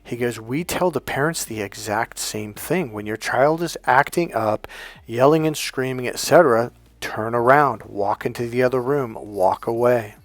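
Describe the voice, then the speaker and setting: A man talking as a life coach, telling a story casually and acting out the dialogue with lively changes in voice. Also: medium pitch, moderate pace, dry recording. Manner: animated, acts out quoted dialogue.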